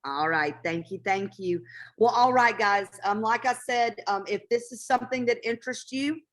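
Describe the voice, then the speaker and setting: A woman's voice: on the high side, normal speed. A woman hosting a live webinar Q&A, who talks to callers familiarly and calls them honey. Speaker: webinar host.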